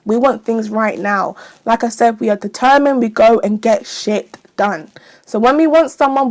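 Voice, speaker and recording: Woman, slightly high voice, frank, profane, casual advice talk. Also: vocal fry. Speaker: astrology vlogger.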